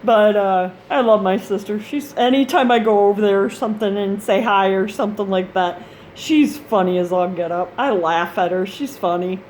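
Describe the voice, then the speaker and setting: A woman's voice: medium pitch, normal speed, a little mellow, slight background noise. A woman, a mother of grown kids, chatting in a rambling, casual vlog style about gaming gear, laughing often. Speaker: gaming channel host.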